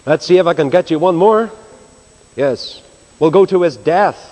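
A man preaching a sermon, telling stories in an animated, dramatic way. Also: on the high side, moderate pace. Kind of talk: sermon storytelling. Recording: reverberant hall.

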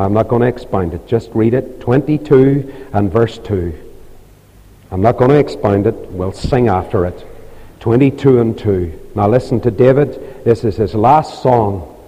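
A man preaching an evangelistic sermon in a church, pleading fervently and climbing high on his appeals. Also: warm tone. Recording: long reverb of a large hall.

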